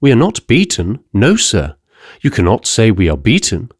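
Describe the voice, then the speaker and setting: A man's voice: fairly low pitch, wildly swooping pitch, moderate pace, husky, no echo, clean studio sound, heavily acted. A man voicing a respectful young male messenger who keeps addressing his listener as sir, in an audiobook. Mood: grave, respectful. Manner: deferential, keeps saying sir.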